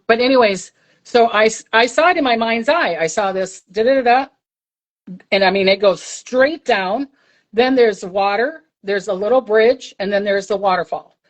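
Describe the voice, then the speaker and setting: Older woman, casual livestream storytelling, animated, acts out voices, medium pitch. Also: rough recording. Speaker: psychic medium guest.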